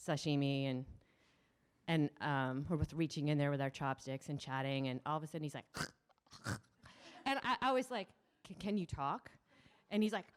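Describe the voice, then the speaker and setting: A woman's voice: low voice, a little mellow. A middle-aged woman telling a personal story at a live community event, laughing, with many restarts. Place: small event stage.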